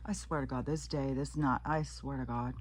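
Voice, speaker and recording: A woman's voice: a bass voice, steady tone, moderate pace, slight background noise. A woman talking in a casual, rambling vlog monologue, swearing freely and filling gaps with "um" and "like". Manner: profane, rambling, frequent fillers. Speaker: vlogger.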